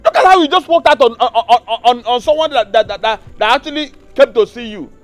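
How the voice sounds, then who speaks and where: A man with a Nigerian accent playing an excitable, preachy friend in a Nollywood film, loud and emotional, repeating words when worked up. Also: high-pitched, fairly quick, faint music behind. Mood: indignant.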